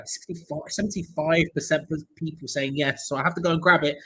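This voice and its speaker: A young man hosts a live football watch-along, joking, bantering with viewers and calling the play as it happens. His voice is husky and a little breathy, pitched somewhat high for a man. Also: very fast, few pauses, a bit bright, poor audio. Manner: chatty, jokey, reads viewer comments aloud.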